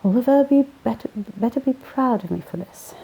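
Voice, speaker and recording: A woman's voice: fairly high pitch, lively intonation, fairly quick, vocal fry, dark tone, slight background noise, voice pushed up, low-quality recording. A woman voicing a grumpy, sardonic young man. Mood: dreamy. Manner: glum, sarcastic.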